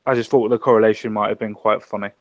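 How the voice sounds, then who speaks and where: Man, relaxed guest, muffled lo-fi sound, dry. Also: fairly low pitch, fast talker, no echo. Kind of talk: casual chat.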